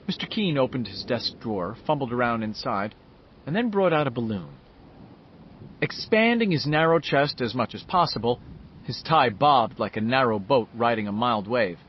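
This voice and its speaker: A man narrating a novel in an expressive storytelling manner. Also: medium pitch, normal speed, lo-fi sound, a little hiss or hum. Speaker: audiobook narrator. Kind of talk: scripted narration.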